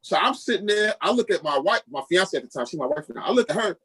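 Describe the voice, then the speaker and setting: In a rough recording, a podcast guest, a middle-aged pastor from Queens, New York, tells his personal testimony fast in a high-pitched, slightly rough voice. He's a lively storyteller, acting out quoted dialogue from the people he describes.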